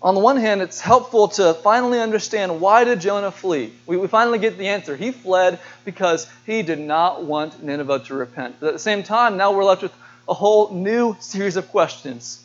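A high-voiced pastor preaches to his church at a moderate pace, speaking earnestly, putting questions to the congregation and repeating words often. The sermon recording is dull and lo-fi.

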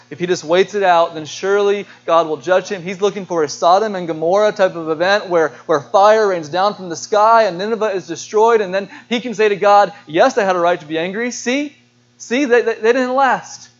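A male pastor delivering a sermon in a high voice. He is earnest and questioning and doubles back on his words. The sound is dull and lo-fi. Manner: earnest, asks the congregation questions, repeats words.

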